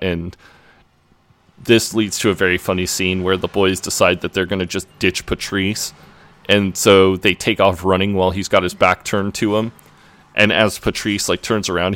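A man's voice: low voice, fairly bright tone. A man co-hosting a podcast, casually retelling a TV episode in a rambling way, full of "like" and "uh". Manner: rambling, filler-heavy retelling with "like". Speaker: podcast co-host. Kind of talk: casual chat recapping a TV episode.

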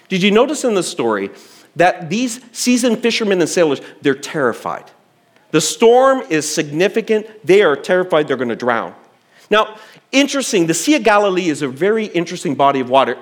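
Lively, animated man preaching a sermon. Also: a little high. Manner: animated preacher acting out quotes with sudden loud and soft turns. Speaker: pastor. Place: church hall.

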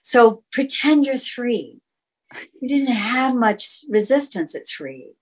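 A woman appears as a guest in a casual interview, explaining sound healing in an encouraging, flowing way and demonstrating chanted tones. Her voice is fairly high, with big pitch swings, a slow pace and a darkish tone. The recording is rough.

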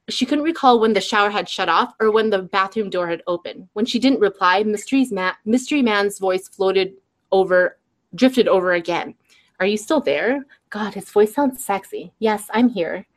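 Woman author reading her book, chill, restarts lines, adds little side remarks. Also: mid-range voice. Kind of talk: reading her own novel aloud.

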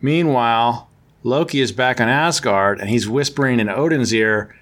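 A man's voice: mid-range voice, normal speed, a bit bright. A man hosting a podcast, recapping a comic book story in a casual, rambling way, full of fillers and self-corrections. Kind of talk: casual chat.

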